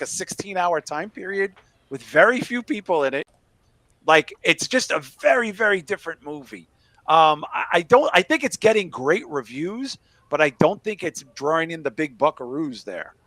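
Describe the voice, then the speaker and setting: A middle-aged podcast host with a Chicago accent, his voice pitched a little high, jokes crudely and talks in an animated way about films. The sound is dry and close. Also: dry recording. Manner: jokey, animated, crude asides. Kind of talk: casual movie chat.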